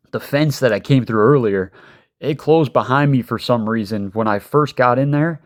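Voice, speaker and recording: A man telling a casual storytime tale, rambling with many fillers and swearing. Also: medium pitch.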